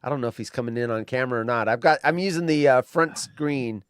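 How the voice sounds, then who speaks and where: A man's voice: mid-range voice, quick pace, clean tone, dry recording, studio quality. A man hosting a podcast in casual chat, teasing his co-host with jokey banter.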